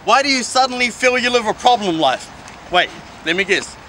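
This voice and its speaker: A man's voice: very high voice, lively intonation, fairly quick, pushed and bright, slight background noise. A young man spitting an aggressive, mocking battle rap verse outdoors by a skate park. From New Zealand. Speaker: battle rapper.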